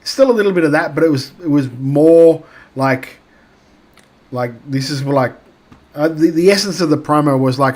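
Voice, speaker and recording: A man's voice: on the high side, moderate pace, a little mellow. An Australian man co-hosting a wrestling podcast, talking casually with lots of fillers and restarts. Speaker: podcast co-host.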